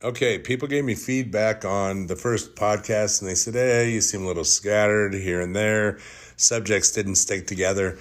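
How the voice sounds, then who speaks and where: Man, podcast host, lowish voice, rambling, joking at his own expense. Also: fairly even intonation, moderate pace. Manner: rambling, jokey, self-deprecating. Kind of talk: casual storytelling monologue.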